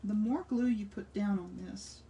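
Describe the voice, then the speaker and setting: A woman's voice: medium pitch, moderate pace, dark tone, recorded from a distance. A woman in her sixties chatting enthusiastically as she demonstrates a craft, thinking aloud while she works. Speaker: art instructor. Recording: voice slightly off-mic with faint room noise.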